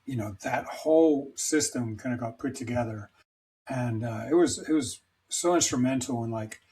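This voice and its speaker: A man's voice: medium pitch, darkish tone, poor audio. Rambling middle-aged man, candid guest. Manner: rambling, emphatic, self-deprecating. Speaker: podcast guest. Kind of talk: candid conversational storytelling.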